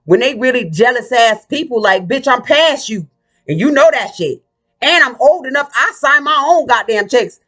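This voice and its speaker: A woman vlogger rants casually in a monologue, her voice bright and tense, fairly high and lively in intonation at normal speed. She's blunt, profane and combative.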